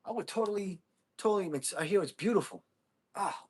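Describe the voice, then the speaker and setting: Man, American, livestream host, high-pitched, excitable, casual chat. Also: brisk, breathy edge. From United States. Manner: excitable, thanks viewers, whoops.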